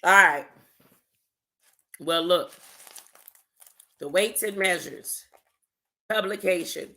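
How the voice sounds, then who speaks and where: A speaker preaching casually on a livestream, often asking "huh?" and reading documents aloud slowly with slangy asides. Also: mid-range voice, sharp tone. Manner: keeps asking "huh?" to the audience, slangy and emphatic. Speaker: religious commentator.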